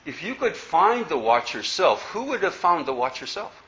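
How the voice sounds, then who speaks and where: A man's voice: on the high side, big pitch swings, normal speed, fairly bright tone. A man teaching as a Buddhist teacher, giving a playful dharma talk to an audience and asking many rhetorical questions. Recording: roomy, slightly dull recording.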